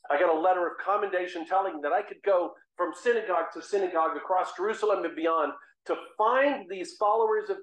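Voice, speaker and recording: A fervent, earnest apostle Saul, played by a man in a first-person dramatic monologue. He tells the story in measured phrases broken by dramatic pauses. His voice sits slightly high and rings in a roomy, echoing space. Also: lightly acted. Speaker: guest speaker. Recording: roomy echo.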